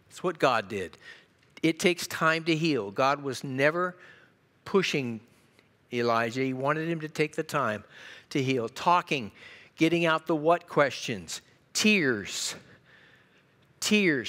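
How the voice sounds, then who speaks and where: Middle aged guy teaching a church class, gets animated, asks the room stuff. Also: a little high, takes it slowly. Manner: animated, asks the class questions, acts out quotes.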